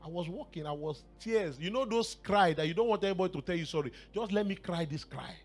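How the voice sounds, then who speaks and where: Nigerian male preacher, high and expressive, storytelling sermon, faint music under. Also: fast talker. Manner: storytelling with bursts of laughter and shouted exclamations.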